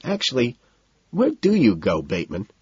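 A man's voice: medium pitch, huge pitch swings, normal speed, husky, no room sound, heavily acted. A man voicing a smug, showy young businessman who needles his friends, on a dull lo-fi recording. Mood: puzzled.

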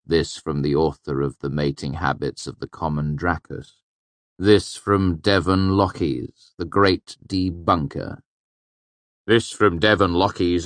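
A man with a low voice reading the lines of a wry, weary male innkeeper and storyteller, with dry, pointed teasing. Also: dry recording.

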